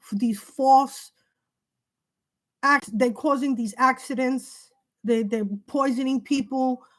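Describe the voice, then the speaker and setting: This woman's voice sits fairly high, captured on a low-quality recording. She's doing an emotional tarot reading, worked up, repetitive, and swearing as she goes.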